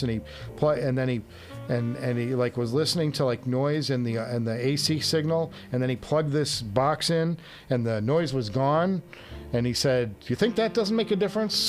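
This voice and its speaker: A man hosting a casual live stream. He reads viewer comments and rambles in a self-deprecating way, chuckling often. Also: mid-range voice. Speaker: livestream host.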